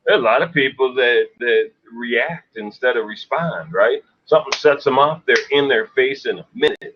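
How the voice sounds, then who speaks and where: A man's voice: mid-range voice, normal speed, few pauses, noisy background. A man co-hosting a sales talk show, chatting casually and emphatically, often adding a rhetorical question. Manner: emphatic, rhetorical "right?" asides. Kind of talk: casual conversational chat. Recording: dull lo-fi sound.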